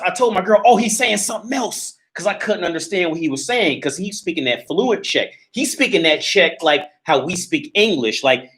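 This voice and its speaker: A man with a high-sitting voice that sounds pushed and bright hosts a casual livestream from his small apartment. He tells a story full of profanity and laughter, recorded on a hand-carried phone or camera.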